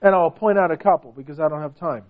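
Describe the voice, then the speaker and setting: A man's voice: fast talker, narrow, tinny audio. A man preaching a sermon with emphasis, asking the listeners question after question. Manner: emphatic, rhetorical questions, pitch swings widely.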